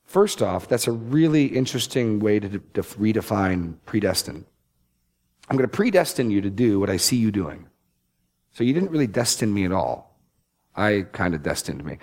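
A man giving expository Bible teaching, reading scripture slowly and stressing key words. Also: on the low side, darkish tone. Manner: deliberate, emphatic scripture reading.

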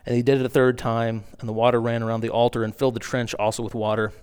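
A man's voice: mid-range voice, flat delivery, quick pace, a little mellow, smooth. Guy preaching, reads the bible passage then breaks in to explain, gets punchy on the mocking bits. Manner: reads scripture aloud, then explains in asides; acts out the mocking lines with rising emphasis. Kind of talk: sermon with scripture reading.

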